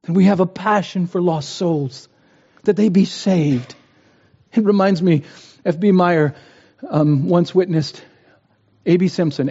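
A man's voice: on the high side, dark tone. A man preaching a sermon, earnest and building to impassioned pleas. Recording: dull, roomy hall sound.

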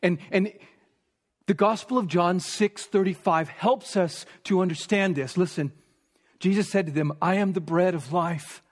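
A man with a high voice preaches a sermon at an unhurried pace, leaning on repeated phrases and sometimes sinking to a near whisper. His voice rings with the long reverb of a large church hall. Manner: emphatic, repeating phrases, dropping to a hush for stress.

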